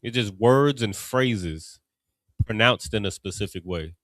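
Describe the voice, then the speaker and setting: Man, Ohio accent, low voice, relaxed class teacher, dry sound. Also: a little slow, dry recording. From Cincinnati, Ohio. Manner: conversational, loose, many fillers and restarts. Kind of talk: casual teaching talk.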